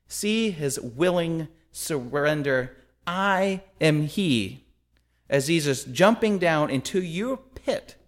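A man preaching a sermon, with emphatic rhetorical questions and storytelling. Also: fairly high pitch.

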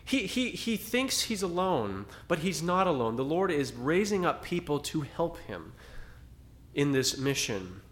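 Conversational preaching man, slightly high voice. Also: big pitch swings, unhurried, a bit bright. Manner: conversational preaching with dramatic emphasis. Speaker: pastor. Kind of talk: sermon.

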